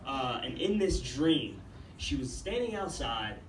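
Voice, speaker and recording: A young Ethiopian man performs a rambling, laid-back stand-up set full of swearing in an open-mic comedy room. His medium-pitched voice is very animated yet measured in pace, caught by a distant room mic with faint background noise.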